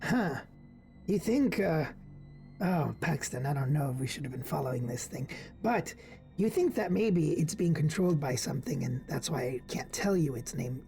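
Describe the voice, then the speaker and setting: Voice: medium pitch, expressive, normal speed, creaky, mellow, faint music behind. A player in a tabletop game, chatting casually and asking curious questions.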